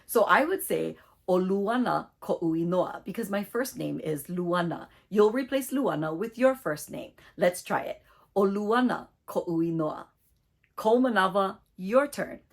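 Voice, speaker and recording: A woman teaching a short online language lesson, speaking clearly and deliberately as she leads repeat-after-me drills. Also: medium pitch, animated.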